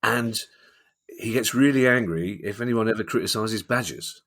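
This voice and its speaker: Joking low-voiced London man. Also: moderate pace, a bit bright, slight background noise. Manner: jokey storytelling, laughs often. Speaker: podcast co-host. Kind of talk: casual chat.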